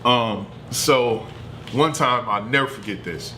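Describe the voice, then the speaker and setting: A man streaming from home, telling a family story in a loose, animated and profane way. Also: medium pitch, slow pace, a little hiss or hum. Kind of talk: casual storytelling.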